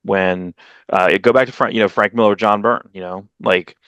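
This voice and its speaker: A man with a low voice co-hosts a comics podcast, telling a long story in loose, rambling chat. He acts out other people's lines with sudden high jumps in pitch. The sound is dry and close, with no room echo. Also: fairly even intonation, normal speed, a bit bright, clear, resonant tone. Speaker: podcast co-host. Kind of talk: casual chat.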